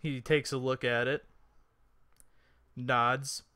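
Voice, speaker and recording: A man running a tabletop game as game master, narrating in an unhurried way and thinking aloud. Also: mid-range voice, flat delivery, sharp tone, smooth, no echo.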